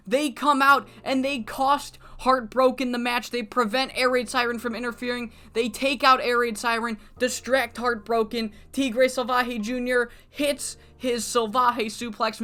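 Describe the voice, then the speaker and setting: A woman with a voice on the high side hosts a video series, casually recapping her save in a wrestling management game. Her manner is lively and full of swearing.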